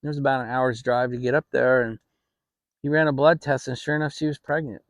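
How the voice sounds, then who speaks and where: A middle-aged man hosting his own channel, telling a family story in a relaxed, rambling way with frequent restarts. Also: mid-range voice, a little fast, no echo. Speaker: channel host. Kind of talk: casual storytelling. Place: home, relaxed fireside setting.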